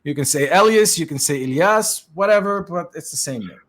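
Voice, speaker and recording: A man's voice: a little high, quick pace. A middle-aged man from Lebanon, hosting a podcast and chatting in an easygoing way, with lots of fillers and restarts. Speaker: podcast host and tech consultant. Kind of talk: casual podcast chat.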